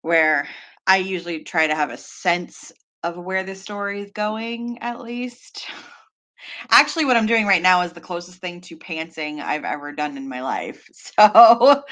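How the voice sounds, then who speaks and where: A bright, clear-toned woman with a Pennsylvania accent chats casually to her livestream viewers. She talks in an easy, rambling way, full of ums and quick laughs. Her pitch sits a little low for a woman. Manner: chatty, laughs often, many fillers. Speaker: livestream host. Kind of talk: casual chat during a writing livestream.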